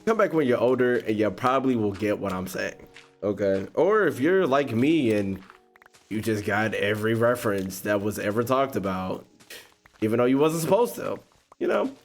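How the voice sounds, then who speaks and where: A man hosting a gaming video, telling a story in a slangy, expressive way and often breaking into laughter. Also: fairly low pitch, normal speed, soft background music. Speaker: gaming YouTuber host. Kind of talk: animated storytime while playing a game.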